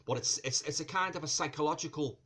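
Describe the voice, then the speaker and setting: A man's voice: on the high side, fast talker, bright, forceful tone, husky. Rambling man reviewing a film. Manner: rambling, full of fillers, keeps calling the viewers guys; repeats himself and restarts phrases often. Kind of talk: casual movie review vlog.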